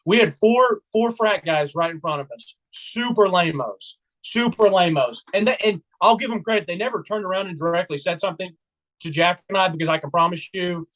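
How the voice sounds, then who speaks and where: A young man with a notably high voice co-hosts a sports podcast. He tells his stories with excitable energy and keeps slipping into loud impressions of his own trash talk. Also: a little fast. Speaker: podcast co-host. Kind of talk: casual sports chat.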